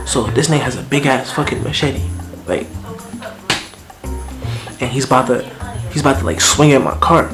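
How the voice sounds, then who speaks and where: A man's voice: medium pitch, moderate pace, long pauses. A young man casually telling a personal story at home for a vlog, slangy and profane. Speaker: vlogger. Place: at home indoors. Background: music playing.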